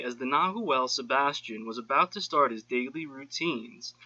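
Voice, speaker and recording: A man narrating a book, measured and steady, lifting his voice for quoted lines. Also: mid-range voice, dull audio. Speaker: audiobook narrator. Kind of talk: scripted narration.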